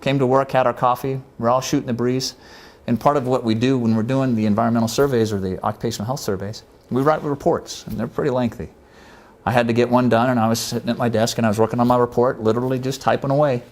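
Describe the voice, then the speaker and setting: A former military medic tells a first-person war story earnestly and conversationally, acting out the voices he quotes. He talks fast at a medium pitch with fairly even intonation.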